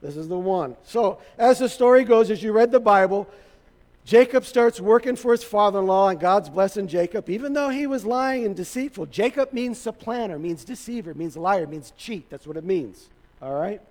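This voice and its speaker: A male pastor with a notably high voice preaches to his congregation. He tells the story casually and with humor, and his voice carries a long hall reverb. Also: normal speed, a little mellow. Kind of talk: sermon.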